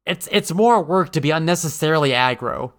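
Brisk and expressive, this man speaks at a medium pitch while co-hosting a podcast. His chat is casual, wry, and rambling, heavy on fillers and restarts.

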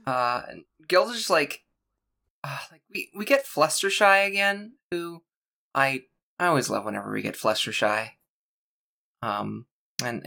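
Podcast co-host, bright and sharp tone; sarcastic, profane, joke-driven casual delivery. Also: medium pitch, vocal fry. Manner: sarcastic, swears, jokey asides. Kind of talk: casual chat.

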